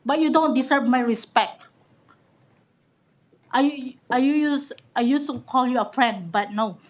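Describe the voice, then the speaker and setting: A woman's voice: sits high, unhurried. A woman giving an angry, accusatory public comment at a council meeting, often repeating her words. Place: council chamber.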